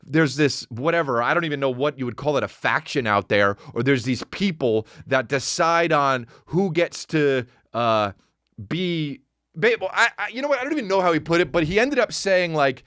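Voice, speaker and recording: A man's voice: fairly high pitch, expressive, moderate pace, fairly bright tone, no echo, studio quality. A male comedian and podcast host delivering a sarcastic, profane rant, slipping into mocking voices. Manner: sarcastic, swearing, mocking impressions.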